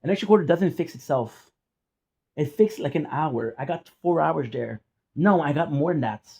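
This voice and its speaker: A man's voice: on the high side, expressive, normal speed, vocal fry, darkish tone, husky. A man talking casually to his viewers as a gaming streamer, frustrated, swearing and repeating himself. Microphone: phone.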